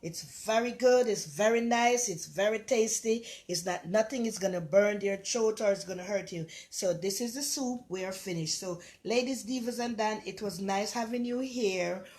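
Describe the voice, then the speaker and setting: An older woman with a Jamaican accent chats her way through a home cooking vlog, rambling and affectionate as she talks. Her voice sits at an everyday middle pitch. The recording has the roomy echo of a bare kitchen. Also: moderate pace, hardly any pauses, a little mellow. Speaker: cooking show host. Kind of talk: casual cooking vlog chat. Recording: echoey kitchen.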